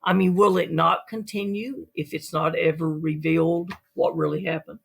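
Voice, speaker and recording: Podcast guest and author, husky and gravelly, a lively storyteller. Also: medium pitch, normal speed. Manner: lively storyteller who acts out quotes. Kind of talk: storytelling in an interview.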